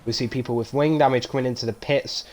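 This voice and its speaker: A man commentates a live-streamed race in a loose, rambling, self-mocking way. His voice sits at an ordinary middle pitch and gets loud and excited when cars crash. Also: fast talker, slight background noise. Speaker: sim racing league commentator.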